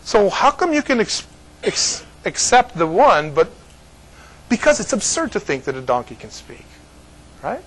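A man's voice: sits high, sing-song, measured pace, a bit bright, husky, low-quality recording. A man from California giving informal Bible teaching to a small group, joking and laughing often between his points.

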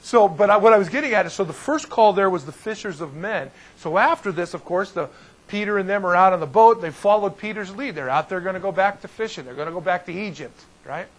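A man teaching as a pastor in an informal Bible study, talking in a folksy, animated way and often restarting his sentences. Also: high voice, fast talker, poor audio.

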